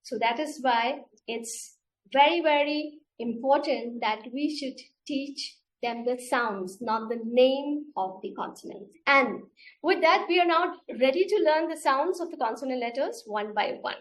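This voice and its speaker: A middle-aged woman with an Indian English accent runs an online teacher webinar. Her voice sits high, and she talks at an unhurried pace, modelling sounds carefully and repeating each instruction. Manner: slow, patient, demonstrates sounds and repeats steps. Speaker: teacher trainer.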